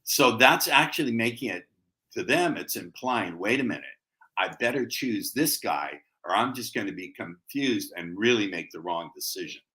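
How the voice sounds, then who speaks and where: Male sales coach, deep and punchy, leans hard on key words. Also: animated, moderate pace, sharp tone, poor audio. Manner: emphatic, playful, stresses key words. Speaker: guest sales trainer. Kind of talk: teaching sales techniques.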